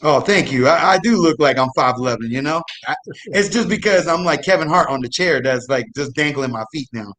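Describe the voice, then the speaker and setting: Here a guest storyteller on a live show, a young man, recounts something that really happened, his voice on the high side and his pace a little quick. He laughs as he goes, keeping it loose with lively side comments.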